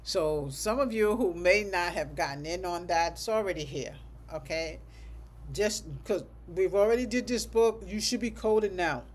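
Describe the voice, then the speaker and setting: A medical coding instructor giving a livestreamed class lecture, thinking aloud and ending most sentences with a checking "okay?" while slowly repeating code numbers. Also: medium pitch.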